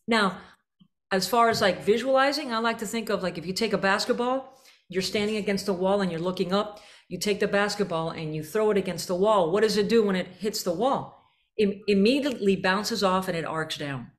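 A woman's voice: medium pitch, a little fast. A woman leading a band rehearsal clinic, coaching players with vivid images and singing out the syllables and rhythm phrases. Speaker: jazz clinician.

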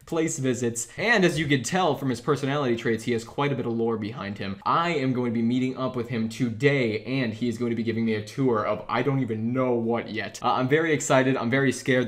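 A man doing excited, nervous gameplay commentary, reading lore aloud and giggling often. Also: medium pitch, fairly quick, few pauses. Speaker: gaming YouTuber.

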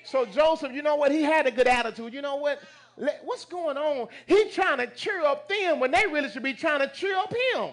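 Male pastor, very high bright voice, AAVE, shouting call-and-response sermon. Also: brisk. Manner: call-and-response preaching, sudden shouts and laughs.

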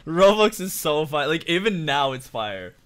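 A man streaming a game, chatting casually with friends, loud, swearing and joking in mock offense. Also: on the high side, sing-song, moderate pace, slight background noise. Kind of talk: casual gaming chat.

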